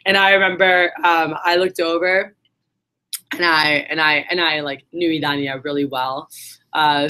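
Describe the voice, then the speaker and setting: Woman, fairly low voice, sales team leader, chatty motivational storytelling, blunt and profane. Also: steady tone, moderate pace, bright, forceful tone. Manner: casual storytelling, acts out quotes, swears.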